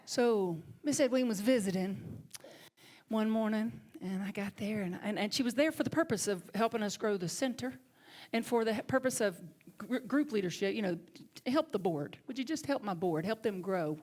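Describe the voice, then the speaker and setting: Woman, Southern accent, minister, sermon storytelling, animated, loud-to-hushed swings. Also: medium pitch, moderate pace. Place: church sanctuary.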